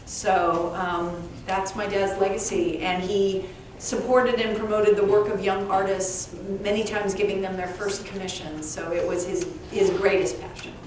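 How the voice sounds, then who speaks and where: This woman has a mid-range voice and talks unhurriedly with few pauses. As a guest author and speaker at a live event, she tells humorous stories with animation, acting out dialogue. The mic sits far away in an echoey room with faint background noise.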